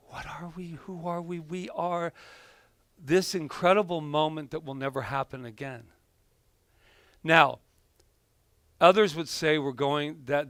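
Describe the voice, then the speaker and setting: Conversational male minister, higher voice. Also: a bit bright, dry recording. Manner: conversational storytelling, self-correcting. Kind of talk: sermon. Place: church sanctuary.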